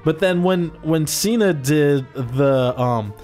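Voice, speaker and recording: Man chatting casually, slightly high voice, rambling with fillers, faint music behind. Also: slow pace, a little mellow. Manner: rambling, laughing, full of fillers. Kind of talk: casual chat.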